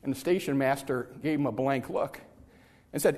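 A man's voice: medium pitch, normal speed, darkish tone, in a large hall. A man preaching a sermon in church, telling folksy stories and repeating words when he presses a point.

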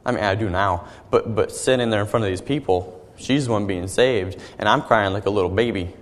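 A young man giving an earnest personal testimony as a sermon, halting and often repeating his words. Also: fairly low pitch, in a large hall. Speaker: young preacher.

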